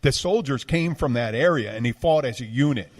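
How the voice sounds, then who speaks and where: A man's voice: mid-range voice, animated, brisk. A man, hosting a podcast in rambling, digressive casual talk. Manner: rambling, digressive, full of restarts. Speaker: podcast host. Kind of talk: casual chat.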